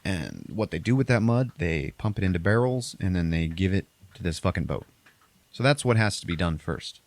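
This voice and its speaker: A man hosting a podcast, casually retelling a movie plot in a rambling, profane way and briefly acting out characters in exaggerated high voices. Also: animated, normal speed, dry recording. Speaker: podcast host recapping a movie. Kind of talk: casual chat.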